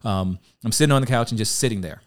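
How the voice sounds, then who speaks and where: Fast-talking, deep-voiced male pastor. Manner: rambling, earnest, acts out quoted dialogue. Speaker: pastor and podcast co-host. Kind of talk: casual conversational podcast.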